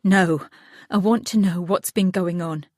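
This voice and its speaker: A woman's voice: on the low side, fairly even intonation, a little slow, a little mellow, no room sound, clean studio sound. A woman voicing a grieving mother who is angry and accusing in an audiobook, speaking with raised urgency. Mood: anguished.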